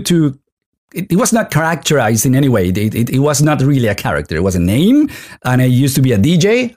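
A former radio DJ hosts a relaxed interview with a playful touch. The voice sits mid-pitch but moves a lot, rising and falling as the questions come. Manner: playful, quick to laugh. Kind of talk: casual conversational interview.

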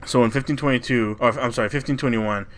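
A man's voice: mid-range voice, fairly even intonation, fast talker. A man co-hosting a podcast, casually retelling a legend in a loose, profane way, with frequent "you know" and "like". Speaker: podcast co-host. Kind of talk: casual storytelling chat.

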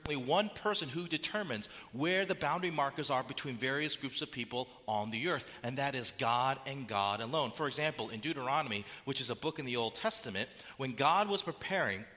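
Male pastor, animated sermon delivery, acts out quotes, tense bright tone. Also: mid-range voice, big-room sound.

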